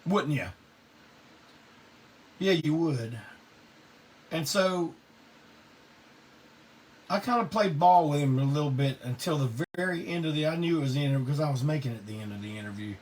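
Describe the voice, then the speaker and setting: A middle-aged man, hosting a live online show and telling stories casually, salty and quick to laugh. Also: on the high side, a little mellow. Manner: laid-back Southern drawl, salty, laughs often. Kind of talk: casual storytelling to a live audience. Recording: distant mic with faint background noise.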